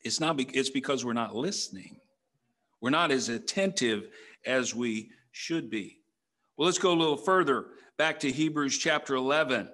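A man's voice: mid-range voice, lively intonation, moderate pace, bright, forceful tone. A middle-aged man, a pastor, preaching a conversational sermon in a church, full of rhetorical questions. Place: church sanctuary.

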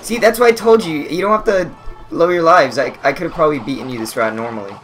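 A man's voice: on the high side, quick pace, a bit bright, faint music behind. A man co-hosting a gameplay video, telling rambling stories, laughing and mimicking other people. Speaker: gaming channel co-host. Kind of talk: casual gameplay commentary.

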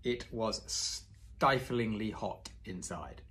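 A man reading a children's novel aloud at a steady storytelling pace. He sometimes stops to correct a slip and carries on. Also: lowish voice, slow pace. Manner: steady storytelling, corrects his own slips. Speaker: reader.

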